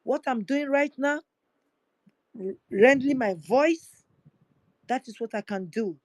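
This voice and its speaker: A woman's voice: a little high, darkish tone, no room sound, poor audio. A woman hosting a livestream, urging listeners in a fervent, repetitive way. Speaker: livestream host. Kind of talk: impassioned activist address.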